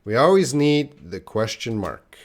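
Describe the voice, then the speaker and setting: A man's voice: mid-range voice, sing-song, unhurried. A man teaching a live online English lesson, patiently explaining grammar and answering viewer questions.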